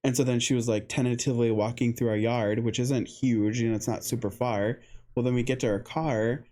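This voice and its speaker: A man co-hosting a podcast, chatting loosely and recounting a story with lively, acted-out dialogue. His voice is mellow and warm, sitting at an ordinary middle pitch, and he laughs easily as he goes. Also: fairly quick. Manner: animated storyteller who acts out other people's lines; laughs often. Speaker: podcast co-host. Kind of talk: casual chat.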